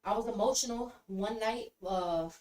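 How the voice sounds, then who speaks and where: A woman guest telling her story in casual conversation, blunt and heated, swearing freely and filling in with "like" and "boom". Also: normal speed, darkish tone, far from the mic. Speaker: podcast guest. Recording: roomy, set back from the mic.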